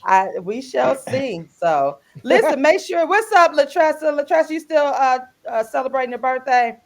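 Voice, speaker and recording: A woman hosting a casual radio talk show, lively and chatty, greeting listeners by name. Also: sits high, moderate pace. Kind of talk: casual group chat on radio. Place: radio studio.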